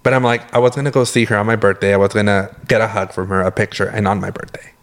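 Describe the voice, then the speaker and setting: Quick-paced and lowish in pitch, a young California man co-hosting a podcast spins animated stories in casual conversation. He swears without holding back and performs his own reactions as he goes.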